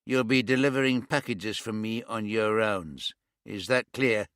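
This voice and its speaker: A man's voice: lowish voice, a bit bright, clean tone, no room sound, clean studio sound. Man doing a scornful prison bully. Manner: disdainful, drawn-out taunts. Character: sour male prison top dog, scornful bully.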